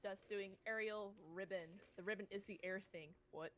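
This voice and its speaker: A woman's voice: medium pitch, steady tone, moderate pace, fairly bright tone. A woman co-hosting a live stream, reading out donations and teasing with jokes. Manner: teasing, joking. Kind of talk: casual live-stream chat.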